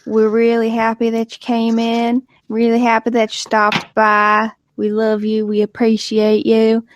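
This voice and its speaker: A woman's voice: on the high side, monotone, a little slow, a little hiss or hum. A woman co-hosting a podcast, speaking in an effusive, bubbly way. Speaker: podcast co-host. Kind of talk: casual chat.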